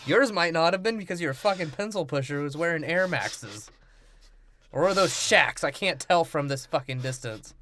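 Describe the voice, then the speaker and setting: Man doing a scornful, cursing young guy, pitched up and loud, for a comedy podcast bit. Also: expressive, moderate pace, slight background noise. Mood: outraged. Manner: ranting, mocking.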